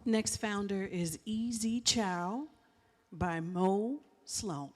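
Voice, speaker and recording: A woman reads graduate names from a list, slowly and carefully. Her voice carries a long reverb from a big hall. She sounds like a formal announcer at a ceremony. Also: medium pitch. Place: live graduation event hall.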